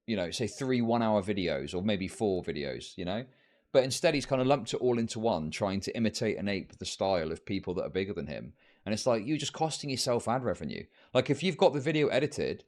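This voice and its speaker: A man giving scornful, rambling commentary on a live stream. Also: fairly low pitch.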